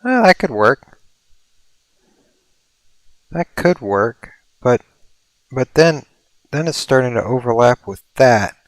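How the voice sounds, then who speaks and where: A man's voice: medium pitch, animated, takes it slowly, pauses often, dry recording. A man streaming a building game, musing and thinking aloud as he works, with playful mock-mystical asides. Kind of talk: casual livestream commentary.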